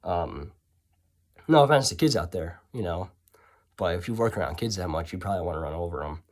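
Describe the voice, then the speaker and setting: A man's voice: low-pitched, expressive, fairly quick. Rambling, sarcastic young man telling a story. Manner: rambling, sarcastic, self-interrupting. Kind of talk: casual storytelling.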